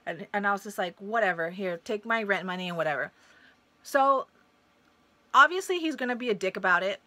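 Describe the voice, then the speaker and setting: Speaking to camera, a young woman vlogger casually tells a personal story, blunt and profane, animatedly acting out the voices of the people involved. Her voice sits at medium pitch and moves briskly, and the recording is dry.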